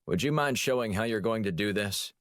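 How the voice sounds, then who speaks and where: A man's voice: on the low side, brisk, fairly bright tone, no room sound, studio quality, voice pushed up, natural voice. A man voicing a wry, confident male special agent.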